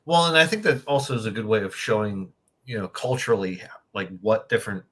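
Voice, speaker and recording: A man's voice: lowish voice, a little fast, a bit bright. A man co-hosting a podcast in casual chat, easygoing and agreeable, with lots of "you know". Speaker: podcast co-host.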